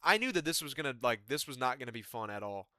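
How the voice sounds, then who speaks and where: A man's voice: mid-range voice, animated, quick pace, sharp tone, clear, resonant tone, dry recording, studio quality. A man giving a rambling, profane, exasperated casual recap of a fight card. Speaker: MMA commentary YouTuber.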